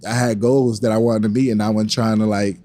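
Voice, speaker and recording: A young man guesting on a podcast, who works as a wrestling coach, talks fairly fast in a fairly low voice. He tells a story in casual conversation, animatedly acting out the voices of the people in it.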